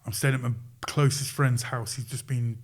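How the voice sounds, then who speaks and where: A man guest on a podcast, telling stories in an animated, casual way and acting out quoted voices. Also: medium pitch, normal speed. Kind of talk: casual storytelling.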